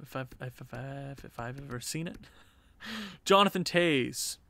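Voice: mid-range voice, lively intonation, a little slow, gravelly, a bit bright, no echo. A gaming channel host giving casual, chatty gameplay commentary and laughing at their own jokes.

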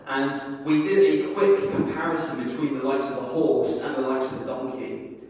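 Male preacher, earnest and fervent, medium pitch, heard from far off in a reverberant church hall. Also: normal speed, darkish tone. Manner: earnest, fervent, addresses listeners as friends. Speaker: meeting leader, preacher. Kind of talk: sermon.

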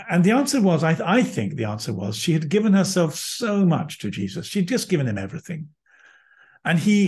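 Priest guest, man, higher register; earnest, vivid storyteller. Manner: earnest, lively anecdotes with acted-out quotes. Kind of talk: personal storytelling in conversation.

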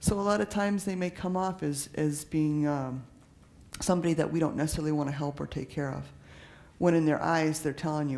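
Man, gravelly voice, slightly high pitch, earnest, conversational, police officer. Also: steady tone, brisk, a little mellow. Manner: earnest, conversational, frequent restarts and fillers. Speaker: police officer speaking on trafficking. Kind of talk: public talk.

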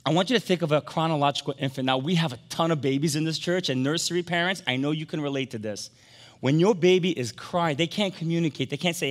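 A middle-aged man preaching a sermon as pastor, animated, swinging from emphatic peaks down to soft, quiet storytelling. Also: on the high side, brisk. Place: large church sanctuary. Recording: long hall reverb from a church sanctuary.

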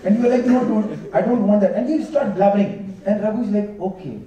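A man's voice: high voice, a little fast, a loud crowd. A young man doing a stand-up comedy set, chatty and storytelling, acting out bits of dialogue. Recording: echoey hall, mic at a distance, audience laughing.

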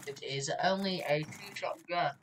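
A woman's voice: deep voice, moderate pace, heavy background noise. A young woman commentating her own gameplay, chatty and given to sudden screams. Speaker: gaming YouTuber.

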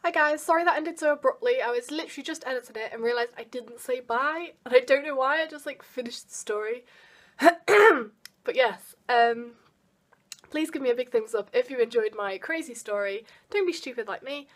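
A young woman vlogging, telling a story in an animated way and acting out the quoted voices. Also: sits high, moderate pace. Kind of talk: storytime vlog.

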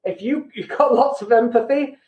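A man's voice: very high-pitched, normal speed. A British man hosting a business podcast, talking bluntly and casually and poking fun at himself. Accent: British English. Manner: blunt, self-deprecating, acts out quoted people. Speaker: podcast host. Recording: echoey room, tinny phone-like sound.

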